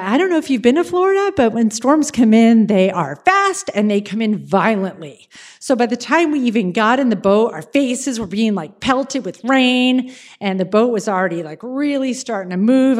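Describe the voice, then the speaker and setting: Woman, storyteller, animated and dramatic, wry asides, slightly high voice. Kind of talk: personal storytelling.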